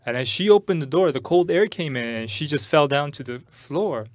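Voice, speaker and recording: Halting pastor telling a story. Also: male voice, a little high, animated, dry recording. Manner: halting, repeats and restarts words while telling a personal story. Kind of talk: sermon storytelling. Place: church service.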